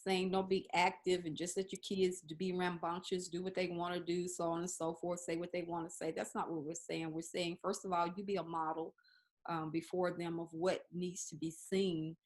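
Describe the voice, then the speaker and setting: Woman talk-show host with halting phrasing. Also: lowish voice, level tone. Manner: halting, restarts sentences while framing questions. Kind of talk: interview.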